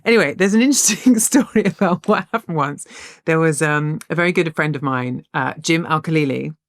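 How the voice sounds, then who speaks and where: A woman's voice: deep voice, fairly quick, no room sound. Woman co-host, easy casual chatter, tells anecdotes with laughs sprinkled in; dry, close. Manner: chatty storyteller, laughs often mid-sentence. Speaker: podcast co-host. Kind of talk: casual chat.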